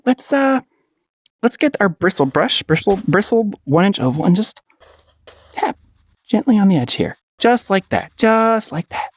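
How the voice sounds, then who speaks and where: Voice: medium pitch, sing-song, a little slow, no echo. A painting instructor giving a casual paint-along tutorial, playful and encouraging, often giggling and repeating short phrases.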